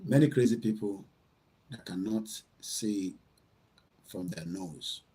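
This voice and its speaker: A man's voice: on the low side, slow, dark tone, slight background noise. A middle-aged man with a Nigerian accent hosting a casual livestream from home, rambling and slipping between English, Yoruba and Pidgin. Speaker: livestream host.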